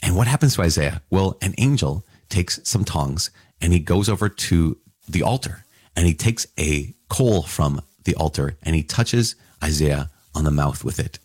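A man teaching about scripture to a Catholic audience in an excited, marveling way, with casual asides to his listeners. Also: sits low, normal speed, slightly rough, no echo, clean studio sound. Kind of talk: enthusiastic scripture reflection.

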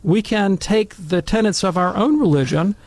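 A middle-aged man telling wry, animated stories and commenting on scripture in a casual talk. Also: high-pitched, normal speed, dry recording. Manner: wry, animated anecdotes with acted quotes.

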